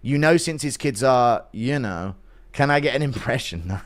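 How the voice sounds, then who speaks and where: A man's voice: mid-range voice, expressive, normal speed. A man hosting a livestream, chatting casually, swearing and laughing as he reads out viewer donations. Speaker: livestream host. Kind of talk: casual commentary chat.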